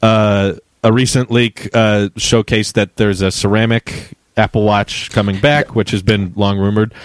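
A man's voice: lowish voice, little pitch movement, unhurried, smooth, dry recording. A young man co-hosting a casual tech podcast, laughing often as he talks. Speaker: podcast co-host.

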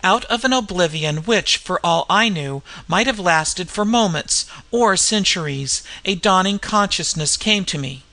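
A reader narrating a Victorian mystery story aloud in a measured, storytelling manner. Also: medium pitch, expressive, sharp tone. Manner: measured storytelling with character voices. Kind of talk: audiobook narration.

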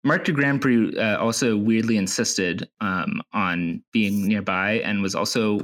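A man on a podcast telling an absurd story in a rambling, deadpan way, full of ums and uhs. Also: lowish voice, measured pace, few pauses. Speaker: podcast co-host. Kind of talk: casual comedic chat.

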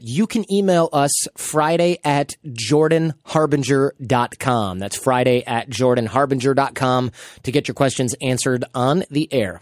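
A podcast host in his thirties talks in a relaxed, chatty way and slips into voices when he quotes people. His voice sits in a middle range and is recorded close and dry, with no room sound. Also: mid-range voice, no room sound. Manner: animated storyteller, acts out quotes. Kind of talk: casual podcast chat.

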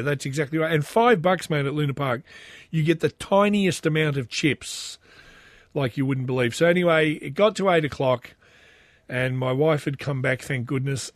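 Brief: Australian dad, middle-aged, rambling and self-deprecating storyteller, slightly raised pitch. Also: male voice, dry recording, studio quality. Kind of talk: casual personal anecdote.

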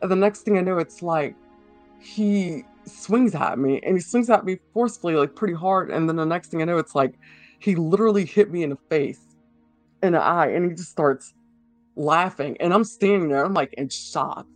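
Halting man, slightly high voice. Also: no room sound, faint music behind. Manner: halting, full of fillers and restarts. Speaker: interviewee. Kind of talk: personal account in interview.

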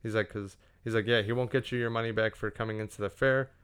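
A man's voice: on the low side, steady tone, quick pace, fairly bright tone, smooth. A young man casually telling a profane story on a podcast, acting out what everyone said.

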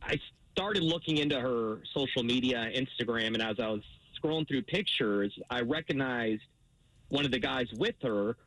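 A man's voice: mid-range voice, moderate pace, fairly bright tone, dry recording, poor audio. A man calling in to a radio show, telling an awkward story hesitantly. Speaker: caller. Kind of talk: call-in confession.

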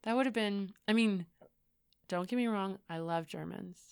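A young woman co-hosting a podcast, telling stories in a lively casual way and acting out the people she quotes. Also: medium pitch, moderate pace, gravelly. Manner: lively storytelling, acts out quotes. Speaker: podcast co-host. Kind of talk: casual chat.

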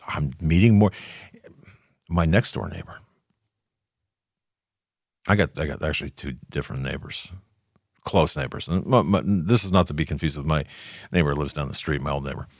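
A man's voice: sits low, fairly bright tone, no room sound, clean studio sound. A man hosting a political talk show, riffing sarcastically in a rambling monologue full of restarts. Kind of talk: casual opinion monologue.

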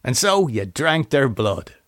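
A man's voice: medium pitch, sing-song, unhurried, a bit bright, no room sound, studio quality. A man voicing a playful, teasing man in a spoken story. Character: joking Irish man, teasing and easygoing.

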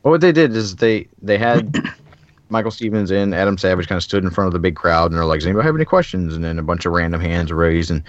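A man hosting a podcast, telling a story in a casual, animated way with lots of filler words. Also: deep voice, fast, dry recording, lo-fi sound. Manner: animated storyteller, many "like" fillers, acts out quotes. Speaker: podcast host. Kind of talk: casual chat.

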